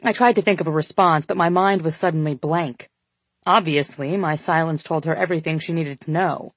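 A woman reading a first-person audiobook in steady, measured scripted narration. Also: lowish voice, no room sound.

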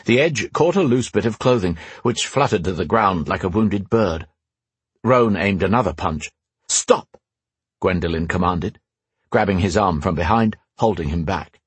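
Husky man narrating a fantasy audiobook. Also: deep voice, animated, moderate pace, no room sound.

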